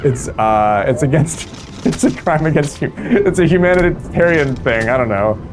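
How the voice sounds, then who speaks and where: A man's voice: fairly high pitch, lively intonation, normal speed, music in the background, close to an everyday voice. A man voicing a flustered young male starship ensign who pleads and stammers.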